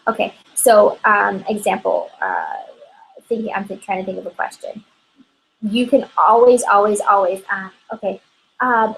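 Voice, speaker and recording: A woman's voice: medium pitch, sing-song, moderate pace, vocal fry, slightly rough, poor audio. A woman giving an upbeat, chatty motivational training talk to her sales team, often checking in with "okay?".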